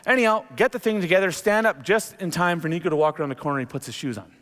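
A middle-aged male pastor preaching in a church sanctuary. His voice sits a little high and carries a long hall reverb. He tells his story with animated, lively energy. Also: rapid-fire. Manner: animated storytelling, jumps into acted quotes. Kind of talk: sermon.

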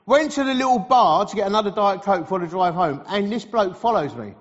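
A middle-aged man, preaching a sermon as a lively, humorous storyteller in a large hall. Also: high-pitched, fairly quick. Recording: reverberant hall, slightly dull sound.

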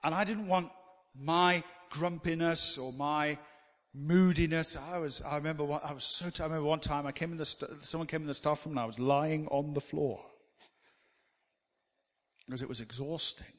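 A man preaching a sermon, animated and swinging between loud emphasis and quiet asides. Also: a little high, moderate pace. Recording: long hall reverb.

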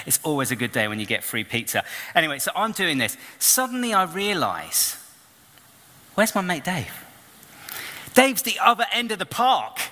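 A man preaching a storytelling sermon, animated and acting out the people in his story. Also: mid-range voice, normal speed. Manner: animated storyteller, acts out voices and shouts. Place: church hall. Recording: long reverb of a church hall.

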